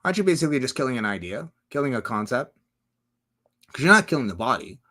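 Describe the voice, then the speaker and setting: A man's voice: medium pitch, very animated, quick pace, bright, forceful tone. A man hosting a casual livestream, reading out chat comments and riffing on them in a rambling, profane way.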